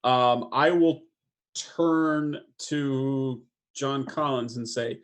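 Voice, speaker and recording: A man's voice: medium pitch, steady tone, very slow. Guy player, mid voice, lots of ums, figuring out his turn. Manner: hesitant, filler-heavy. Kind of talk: casual tabletop game play.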